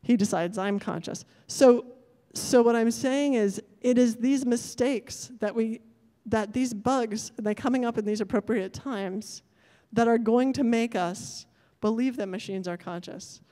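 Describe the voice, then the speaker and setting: A woman's voice: fairly high pitch, a little slow, mellow. A woman giving a conference talk, thoughtful and often correcting herself as she goes. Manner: thoughtful, self-correcting, apologetic about technical glitches. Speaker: conference speaker. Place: large lecture hall. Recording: long hall reverb.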